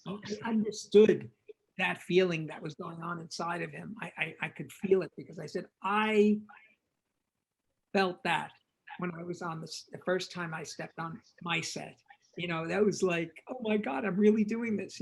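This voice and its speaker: Gravelly older man spinning stories. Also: high-pitched, rough recording. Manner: lively raconteur, acts out quoted dialogue, frequent repetitions. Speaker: film director, interview guest. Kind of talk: animated storytelling anecdote.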